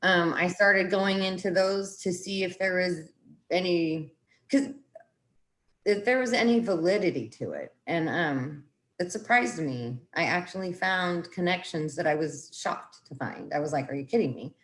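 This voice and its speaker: A woman's voice: fairly low pitch, a little slow, fairly bright tone. Woman talking in rambling bursts. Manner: rambling, self-interrupting, quotes her own reactions. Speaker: guest. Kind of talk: casual conversation.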